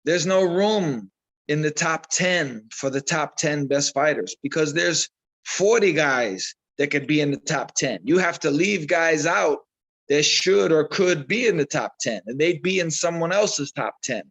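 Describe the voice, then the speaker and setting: Man, boxing trainer, slightly high voice, chatty storyteller who repeats himself. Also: measured pace, low-quality recording. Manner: animated storyteller, repeats himself, acts out quotes. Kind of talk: casual interview talk.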